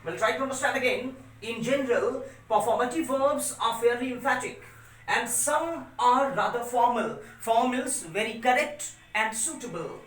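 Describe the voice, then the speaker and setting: Woman, earnest repeating grammar teacher; higher voice, distant mic in an echoing room. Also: moderate pace. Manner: repetitive, earnest explaining, stressing rules. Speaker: English teacher. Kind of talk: classroom lecture on grammar. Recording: roomy sound, voice away from mic.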